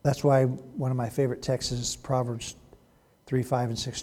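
A man's voice: mid-range voice, flat delivery, moderate pace, mellow, big-room sound. A man teaching through a Bible passage in a conversational way, often asking listeners rhetorical questions.

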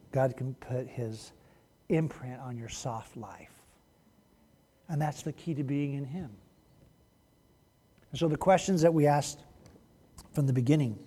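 A male pastor preaching a sermon to his congregation, animated and direct, swinging between loud emphasis and hushed lows. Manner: demonstrative, talks to the congregation directly. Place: church sanctuary. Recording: long reverb of a large church hall.

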